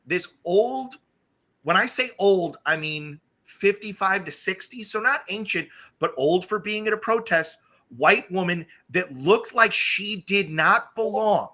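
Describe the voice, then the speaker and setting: A man hosts a casual live-stream chat. His voice is very bright and a little high. He tells stories in an animated way and puts on voices for the people he quotes. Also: a little slow. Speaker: streamer host.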